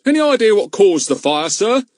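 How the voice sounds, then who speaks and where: A man reading an audiobook, voicing a gruff, bossy village policeman who shouts and blusters. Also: sits high, sing-song, moderate pace, no echo, studio quality, voice pushed up. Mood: blustering.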